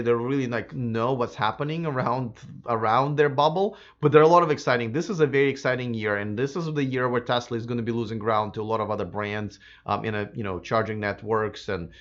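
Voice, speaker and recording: A man hosting a live electric car stream, answering viewer comments in a casual, chatty way, slightly hoarse. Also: medium pitch, lo-fi sound. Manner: casual and chatty, many fillers and restarts. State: slightly hoarse, losing his voice.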